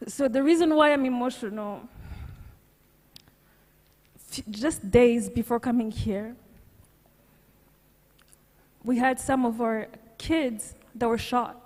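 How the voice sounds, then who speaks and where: A woman speaking at a youth conference, near tears, apologizing and laughing as she speaks. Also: a little high. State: on the verge of crying. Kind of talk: emotional speech. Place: large conference hall. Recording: echoey hall, long reverb.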